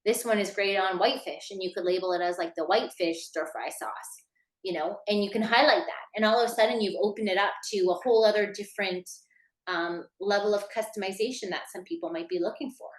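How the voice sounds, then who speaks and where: A woman teaches a workshop in a loose, conversational way, with plenty of fillers, and speaks directly to her audience. Her voice sits at a middle pitch. The recording has a noticeable room echo. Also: steady tone, quick pace. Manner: chatty, many fillers, addresses listeners directly. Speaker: workshop instructor. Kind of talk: casual workshop lecture.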